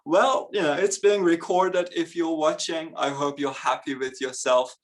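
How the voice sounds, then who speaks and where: A man's voice: on the high side, steady tone, a little slow. A young man performing a stand-up comedy set, chatty and self-mocking, laughing between his lines. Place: live comedy event on stage.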